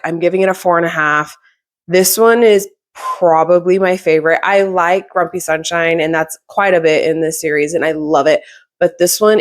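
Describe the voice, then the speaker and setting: A young woman with a slightly low voice talks through her recent reads in a loose, rambling way. She stops and restarts often and fills gaps with "um" and "like.". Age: young adult. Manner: chatty, rambling, many fillers and restarts. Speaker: book reviewer. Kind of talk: casual book review chat.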